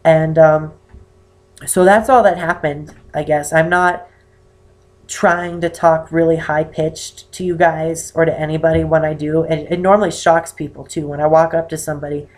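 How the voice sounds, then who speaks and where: An eighteen-year-old man with a naturally high voice, chatting to camera in a rambling, self-conscious way. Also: little pitch movement, moderate pace. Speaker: vlogger answering a viewer question. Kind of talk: casual chat to camera.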